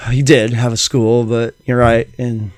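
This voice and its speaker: A man's voice: mid-range voice, level tone, a little slow, no room sound, clean studio sound. A middle-aged man hosting a casual solo podcast, rambling enthusiastically with many fillers. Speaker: podcast host.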